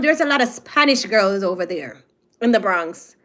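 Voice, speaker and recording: A woman's voice: mid-range voice, expressive, moderate pace, a bit bright. A woman from Jamaica with a Jamaican accent, giving a casual, opinionated commentary monologue and stretching out her emphatic phrases. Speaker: commentary host.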